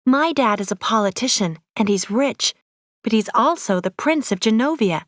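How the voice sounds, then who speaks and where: Clear, steady woman reading a story. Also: mid-range voice, moderate pace, no room sound, studio quality. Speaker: audiobook reader. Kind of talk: graded-reader story narration.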